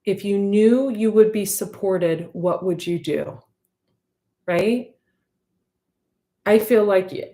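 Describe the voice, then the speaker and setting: A woman's voice: medium pitch, a little mellow, roomy sound. A woman giving an intuitive tarot reading to her viewers, talking in a heartfelt, rambling way with many fillers. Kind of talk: casual spoken intuitive reading.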